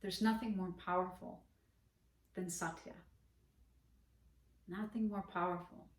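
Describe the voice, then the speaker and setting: Slow gentle woman yoga teacher, echoey. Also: medium pitch. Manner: slow, gentle, reflective teaching with soft closing blessings. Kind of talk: spoken dharma talk. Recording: echoey room, voice from a distance.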